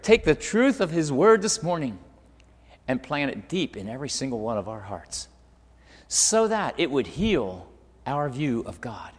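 Middle-aged male pastor, animated sermon delivery, fairly high voice, reverberant hall. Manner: animated, swings from loud emphasis to hushed asides. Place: church hall.

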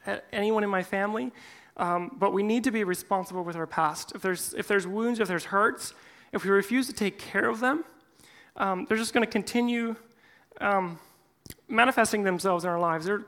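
A man's voice: high-pitched, fairly bright tone. A man speaking to a church men's group, reading a personal letter aloud and then addressing the group in an earnest, heartfelt way.

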